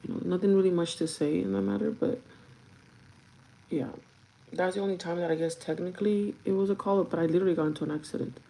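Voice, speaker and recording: A woman's voice: fairly low pitch, steady tone, quick pace, vocal fry, mellow, rough recording. A young woman chatting casually while getting ready, cursing freely and laughing often. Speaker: vlogger. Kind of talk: casual get-ready-with-me chat.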